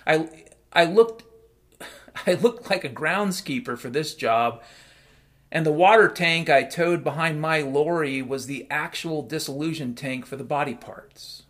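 A man's voice: fairly high pitch, unhurried, a bit bright. A man telling a first-person story in a casual, wry, matter-of-fact way, over piano music.

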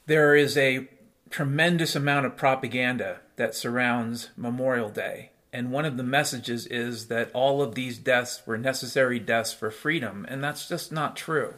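A man's voice: medium pitch, moderate pace, a bit bright. A man hosting a solo commentary show, ranting in a profane, sardonic way. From United States. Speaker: podcast host.

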